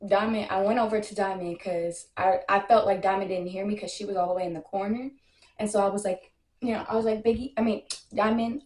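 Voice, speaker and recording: Young woman spilling the tea, brash and cussing, acts out everybody's lines, kinda echoey room. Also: mid-range voice. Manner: animated, brash, lots of slang and profanity; acts out other people's lines in quotes. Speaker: storytime vlogger. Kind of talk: casual storytime.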